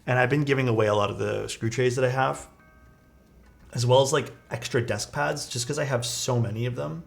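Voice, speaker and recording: A young man talks casually to his stream chat as he works, easygoing and quick to poke fun at himself. His voice sits in a middle register. Quiet music plays faintly behind him. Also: mid-range voice, creaky. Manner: laid-back, chatty, reads chat aloud, self-deprecating. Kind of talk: casual live-stream chat while building a keyboard.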